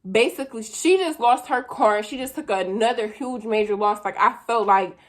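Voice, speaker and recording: Young woman, kinda high voice, cussing nonstop telling a crazy storytime. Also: moderate pace. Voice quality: profane, animated storytelling with slang. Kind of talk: casual storytime vlog.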